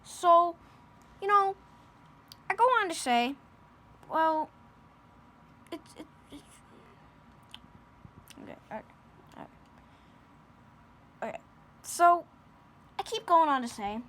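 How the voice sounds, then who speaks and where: A woman's voice: very high voice, very animated, slow, long pauses, fairly bright tone. A woman improvising a silly comic story, rambling with lots of fillers and restarts.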